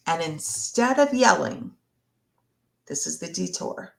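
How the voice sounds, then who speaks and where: A woman therapist in a live Q&A, speaking slowly and reflectively, sometimes acting out what a partner might say. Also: on the low side, wildly swooping pitch, creaky. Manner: slow, reflective, acts out partner's words. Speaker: relationship therapist. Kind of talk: live Q&A discussion.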